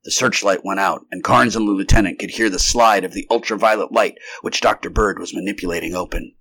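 A man giving an unrehearsed, steady, measured reading of a vintage science fiction story. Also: low-pitched. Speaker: narrator.

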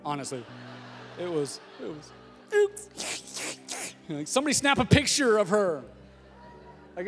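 A man in his thirties, a pastor delivering a sermon in a conversational, humorous way that builds to emphatic repetition. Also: sits high. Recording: long hall reverb with faint music.

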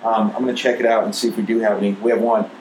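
A man's voice: on the low side, flat delivery, racing, a little mellow, slight background noise, low-quality recording. A man hosting a casual sports podcast, rambling and crude, with lots of fillers and restarts. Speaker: podcast host.

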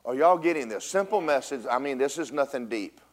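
A man, a pastor preaching a storytelling sermon in church, swinging from loud bursts to a hushed voice. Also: mid-range voice, fairly quick. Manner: animated storytelling with big swings in loudness, drops to a hush. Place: church sanctuary.

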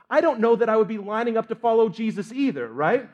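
A man's voice: high voice, animated, fast, few pauses, darkish tone, muffled recording. A man pastor preaching a sermon in an earnest, candid way with light humor.

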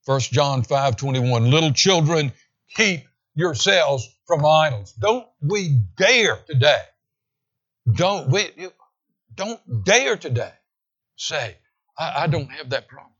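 A man preaching a sermon with emphasis, slowing down to read scripture aloud. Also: on the high side, lively intonation, fairly bright tone, husky, dull audio. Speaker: pastor.

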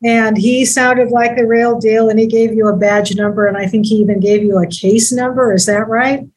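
A woman hosting an interview, calmly and methodically summing up the story and asking follow-up questions. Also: fairly high pitch, normal speed, poor audio. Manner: calm, methodical recapping and questioning. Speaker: host.

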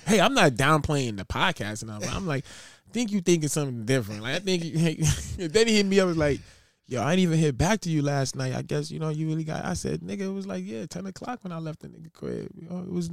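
A man co-hosting a casual podcast, an animated storyteller who acts out what others said. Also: on the high side, fast talker, creaky, no echo, studio quality. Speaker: podcast co-host. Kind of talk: casual chat.

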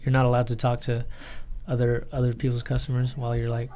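Young woman host, inquisitive, stammering, fairly low voice for a woman, faint hiss. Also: completely flat delivery, fast talker, mellow. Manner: curious, asks lots of questions, stammers. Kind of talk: casual podcast chat.

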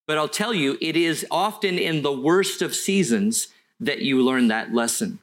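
A middle-aged man, preaching a sermon in an earnest storytelling way that slows for emphasis. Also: medium pitch, fairly bright tone. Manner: earnest, storytelling, with slow deliberate stretches. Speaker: pastor.

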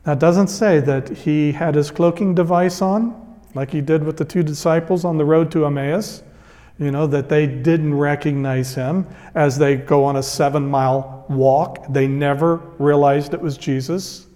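A man's voice: fairly high pitch, steady tone, normal speed, dark tone, long reverb tail. A man preaching a sermon as a pastor, retelling a scripture story in an earnest, emphatic way.

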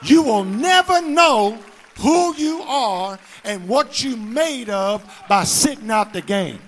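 A middle-aged man preaching a sermon as pastor, rising into shouts and whoops, with a slight cough. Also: extremely high pitch, animated, slow pace, faint music behind.

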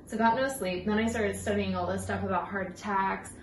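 A woman's voice: medium pitch, fairly even intonation, fairly quick. A young woman co-hosting a podcast in casual chat, talking loosely with many fillers and frequent laughs. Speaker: podcast co-host. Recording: roomy, slightly distant mic with faint room noise.

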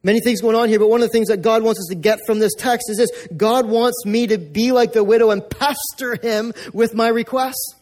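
Male pastor, high voice, chatty sermon delivery, repeats for emphasis. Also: steady tone, a little fast, few pauses, darkish tone. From North America. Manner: conversational, repetitive, emphatic.

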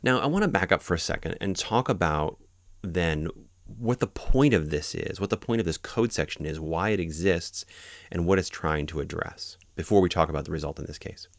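A man's voice: deep voice, normal speed, creaky, no room sound, studio quality. A man hosting a podcast, explaining court cases in an informal, step-by-step lecture with everyday examples.

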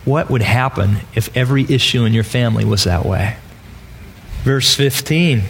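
A man's voice: mid-range voice, lively intonation, measured pace, slight background noise. A man preaching a sermon in a conversational way, often asking rhetorical questions. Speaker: pastor.

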